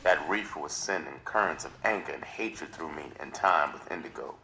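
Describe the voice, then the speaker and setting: A man's voice: extremely low pitch, moderate pace, bright, forceful tone, a little hiss or hum. A man reading a novel aloud on a live stream in dramatic first-person narration. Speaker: reader.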